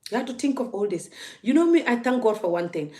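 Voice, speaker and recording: A woman's voice: fairly high pitch, very animated, fast, dark tone. A woman vlogging into her phone, emphatic and laughing, often repeating her words. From Gambia. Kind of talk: casual ranting vlog.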